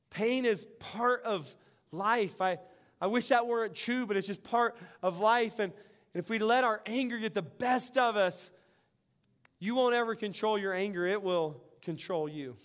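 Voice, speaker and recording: An excitable pastor preaching with a lively, animated delivery and frequent laughter. His voice sits high for a man and rings smooth and clear. He speaks to his listeners in a warm, practical way. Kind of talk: sermon.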